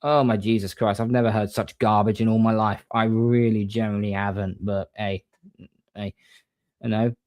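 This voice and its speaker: A man hosting a casual livestream, reading viewer comments and giving shout-outs in a rambling, chatty way. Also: fairly low pitch, little pitch movement, normal speed, dry recording. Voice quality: rambling, frequent restarts, mate-and-bro shout-outs. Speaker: livestream host.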